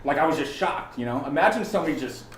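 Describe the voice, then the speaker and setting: A man from California, a podcast guest, telling a story in a casual, animated way, often restarting and acting out the people he quotes. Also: a little high, fast talker, a little hiss or hum. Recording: roomy sound from a distant mic, faint ambience.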